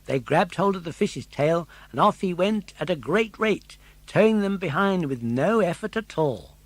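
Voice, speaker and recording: An older man narrating a children's story in an expressive, animated way. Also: high-pitched, moderate pace, no echo. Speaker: audiobook narrator.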